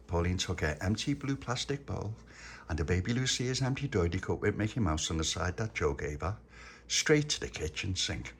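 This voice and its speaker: A man's voice: low voice, a little hiss or hum. A man narrating a children's story in a playful, chatty way. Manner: playful, laughing.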